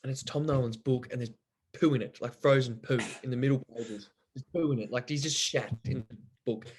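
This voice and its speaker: A man's voice: medium pitch, darkish tone, slight background noise. Young man telling rambling stories. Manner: rambling, swears freely, laughs while telling stories. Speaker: podcast guest. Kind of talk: casual storytelling chat.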